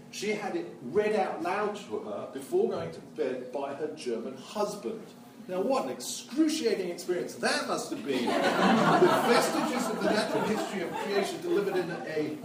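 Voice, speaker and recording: A man's voice: high voice, noisy background. A man playing a witty, enthusiastic Victorian naturalist, lecturing in character with a theatrical, joking delivery. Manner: animated, theatrical, joking storyteller. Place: museum lecture hall. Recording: echoey hall, mic far off.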